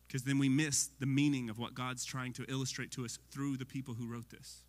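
Animated preacher in an echoing hall. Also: male voice, mid-range voice, fairly quick, hardly any pauses. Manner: animated, conversational, asks the audience questions. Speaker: pastor. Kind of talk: sermon. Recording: long hall reverb.

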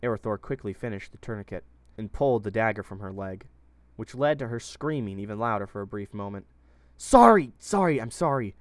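A man reading his own fantasy story aloud in steady, plain narration. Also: fairly low pitch, brisk, few pauses, no echo.

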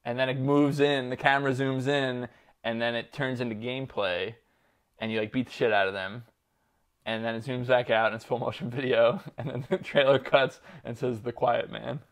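A man's voice: medium pitch, fairly even intonation, normal speed. A man co-hosting a casual podcast chat, rambling with lots of fillers, laughter and swearing. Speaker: podcast co-host.

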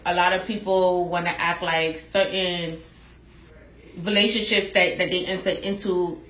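A woman co-hosts a casual podcast chat with a mid-range voice. She weighs her views in a measured, reflective way. The room gives her voice a noticeable echo. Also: medium pitch, fairly bright tone. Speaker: podcast co-host. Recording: echoey room.

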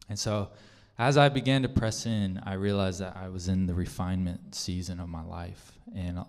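In a church hall, a man gives a personal testimony sermon, speaking earnestly and conversationally with lots of fillers and restarts. His deep voice is steady and moderately paced. The recording carries the long reverb of a large hall.

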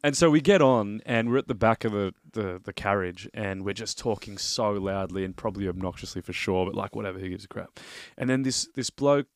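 A man's voice: lowish voice, fairly quick, few pauses, dry recording. An Australian man co-hosting a podcast, telling stories in casual chat and acting out the people in them. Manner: animated storyteller acting out quotes. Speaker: podcast co-host.

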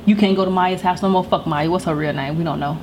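A woman's voice: on the low side, fairly even intonation, quick pace, noisy background. A middle-aged woman hosting a podcast, telling a comedic story in a blunt, emphatic and heavily profane way. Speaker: podcast host. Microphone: studio microphone.

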